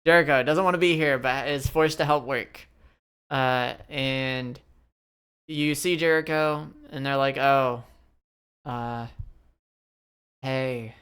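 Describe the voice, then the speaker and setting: Smooth-voiced game master, rambling casually. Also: mid-range voice, steady tone, measured pace, fairly bright tone. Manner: casual, rambling, many fillers and laughs. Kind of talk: narrating a tabletop game.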